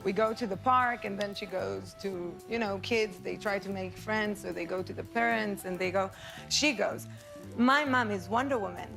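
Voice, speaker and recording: A woman's voice: mid-range voice, steady tone, normal speed, vocal fry. Chatty laughing woman over music. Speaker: talk show guest. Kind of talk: casual interview anecdote.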